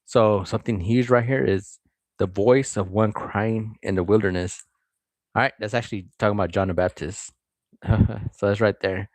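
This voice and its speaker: A man's voice: fairly low pitch, fairly even intonation, moderate pace, a little mellow, dry recording. A man reading a chapter of scripture aloud and breaking off to comment on it and greet his viewers. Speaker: scripture reader.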